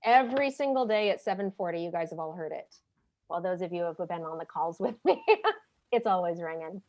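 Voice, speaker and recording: A woman's voice: fairly low pitch, brisk, darkish tone, highs cut off. Chatty American woman hosting a webinar. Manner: friendly, chatty, many ums. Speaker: webinar host and leadership trainer. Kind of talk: interactive online webinar. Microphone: video call.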